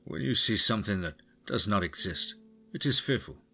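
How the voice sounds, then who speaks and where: A grim tracker of wolf-beasts, grave and measured, his voice low and deep, as a man narrator puts him on. The tone rings bright and forceful, with faint guitar music underneath. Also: animated, creaky, husky, heavily acted.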